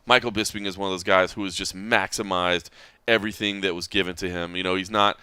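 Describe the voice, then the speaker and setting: A man's voice: sits low, steady tone, fast talker, pushed and bright, clear, resonant tone, no echo. A man hosting a podcast, chatting casually and laughing as he wanders between points. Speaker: podcast host.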